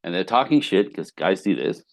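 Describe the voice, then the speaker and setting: A man who is a relationship coach, telling client stories on a podcast with lively acted-out quotes and casual swearing. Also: sits low, moderate pace, creaky, dry recording. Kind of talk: podcast interview guest.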